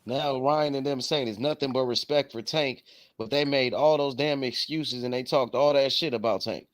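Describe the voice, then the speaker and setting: A man's voice: mid-range voice, moderate pace, a little hiss or hum. A man in casual chat, emphatic, slangy and profane.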